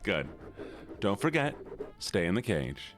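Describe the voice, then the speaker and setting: A man chats with his viewers on a casual live stream, playful and teasing, with faint music behind him. He's very animated but takes it slowly, and he squeals high whenever he's mock-upset.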